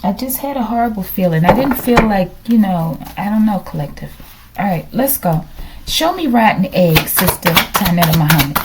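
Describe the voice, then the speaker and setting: A woman's voice: mid-range voice, expressive, moderate pace, noisy background. A middle-aged woman giving a casual tarot reading, musing aloud, questioning the cards and sometimes dropping to a whisper. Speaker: tarot reader.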